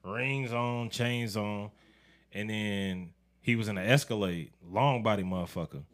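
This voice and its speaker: Young male host, casual storyteller, lively and laughing. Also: on the low side, unhurried. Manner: animated storyteller, acts out quotes, laughs often.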